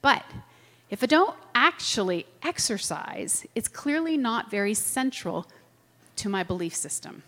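A middle-aged woman teaching a class, lively and chatty, often checking that her listeners follow. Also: fairly high pitch, unhurried. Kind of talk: classroom lecture with personal anecdotes. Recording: long hall reverb.

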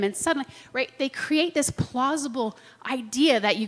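A middle-aged woman teaching a class, lively and chatty, often checking that her listeners follow. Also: high-pitched, moderate pace, few pauses. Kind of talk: classroom lecture with personal anecdotes. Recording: long hall reverb.

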